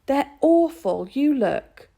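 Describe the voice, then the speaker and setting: A woman's voice: medium pitch, animated, normal speed, dark tone, voice pushed up. A woman voicing a scared, anxious younger boy who pleads as if close to tears in a storybook reading.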